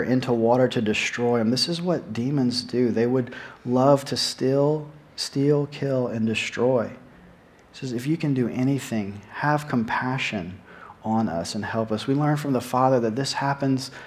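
A man preaching a sermon in an earnest way, often repeating words as he stresses a point. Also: mid-range voice.

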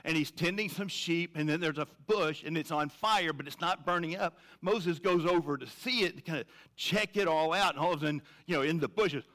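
Man, pastor, sermon, conversational, emphatic, slightly high voice. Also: a bit bright. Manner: conversational, emphatic, repeats phrases.

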